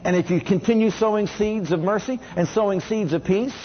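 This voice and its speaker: High-voiced guy preaching, kinda husky, lots of call and response, dull lo-fi sound. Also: fairly quick. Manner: asks the congregation questions and has them repeat lines. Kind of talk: sermon.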